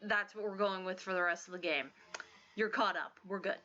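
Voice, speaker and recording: A woman's voice: medium pitch, fairly even intonation, normal speed, pushed and bright, dull audio, faint music behind. A woman streamer making offhand, chatty asides to viewers while playing through a game. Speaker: let's-play streamer. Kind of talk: casual game commentary.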